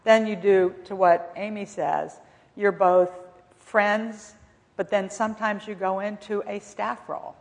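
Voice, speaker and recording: A woman panelist recalling her years on the White House staff in a measured, reflective way. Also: medium pitch, fairly even intonation, gravelly, in a large hall. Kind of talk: panel discussion, personal recollection.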